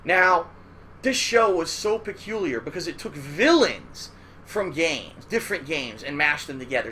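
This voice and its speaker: A man's voice: high-pitched, pushed and bright, a little hiss or hum. A man hosting a casual, rambling look back at old cartoons, profane and loose, often checking in with "all right?". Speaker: host. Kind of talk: casual retrospective commentary.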